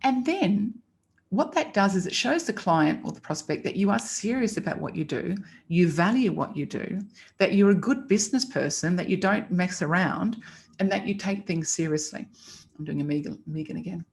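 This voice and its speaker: A woman's voice: fairly low pitch, lively intonation, moderate pace, gravelly, a little mellow. A woman teaching about pricing in a chatty, emphatic way, acting out client dialogue as examples. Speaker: copywriting teacher. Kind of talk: casual instructional talk.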